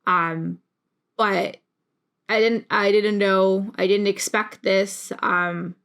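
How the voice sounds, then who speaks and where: A woman's voice: medium pitch, steady tone, slow pace, fairly bright tone, clean tone. A young woman talking casually to camera in a rambling, emotional way, with many restarts and fillers. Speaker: YouTube creator.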